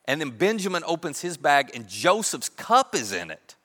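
A man preaching a sermon, telling a story in a lively way and acting out the characters' voices. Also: a little high, normal speed. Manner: animated, acts out characters' voices. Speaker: pastor. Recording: long reverb of a large hall.

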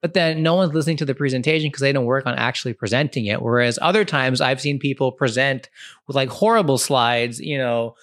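Thirtysomething comedian guy rambling casually, lots of "like" and "right?", mid pitch, dry close sound. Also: fairly quick, a bit bright, no room sound. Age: 30s. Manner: chatty, full of "like", "you know" and "right?". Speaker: comedian and podcast host. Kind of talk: casual advice monologue.

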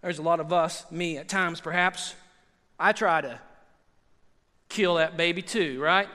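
A man preaching a sermon, animated and conversational, repeating phrases and swinging from loud emphasis to hushed asides. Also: fairly high pitch, measured pace. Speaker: pastor. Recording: long hall reverb.

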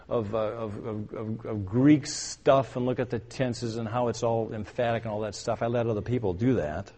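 Older male preacher in a reverberant hall. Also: medium pitch. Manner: emphatic, building to loud urgent commands; asks the congregation questions. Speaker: pastor. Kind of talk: sermon.

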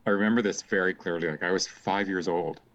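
Deep-voiced middle-aged storyteller, man. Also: fairly even intonation, a bit bright, muffled recording. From Canada. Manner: slow, wry storyteller. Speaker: theater director, guest. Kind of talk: interview storytelling. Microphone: video call.

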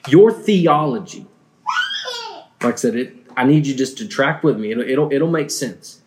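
An earnest male preacher delivers a sermon in a mid-pitched voice, neither high nor low. He speaks personally and often stumbles and restarts his phrases as he works through his thoughts. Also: a little mellow, slight background noise. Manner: earnest, halting with frequent restarts.

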